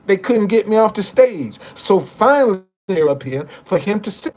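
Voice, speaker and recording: Older man, fairly high voice, casual storytelling, profane, animated, restarts and repeats. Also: normal speed, few pauses.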